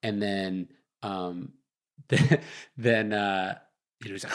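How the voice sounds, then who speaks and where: A man's voice: fairly low pitch, slow pace, pauses often. A man in his thirties, a guest author telling a story in a casual interview, rambling with lots of fillers. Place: guest's chosen location.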